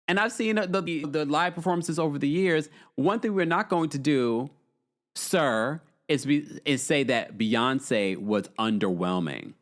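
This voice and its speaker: A male host chatting on a live stream, reading viewer comments in a sassy, animated way. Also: a little slow. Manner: animated, sassy, swooping pitch.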